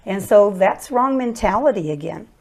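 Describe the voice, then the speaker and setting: A woman's voice: mid-range voice, lively intonation, normal speed, vocal fry, a little mellow. An older woman co-teaching a marriage course, explaining in an earnest way.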